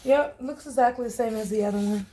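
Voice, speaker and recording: A woman's voice: a little high, fast talker, dark tone. A woman talking casually to viewers while unboxing, chatty and informal, calling them guys and y'all. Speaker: vlogger.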